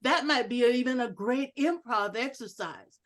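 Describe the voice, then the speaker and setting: Speaking to a club meeting via video call, a woman with a fairly high voice and moderate pace gives an educational online presentation with audience exercises. She's animated and playful, performing one sentence in several inflections.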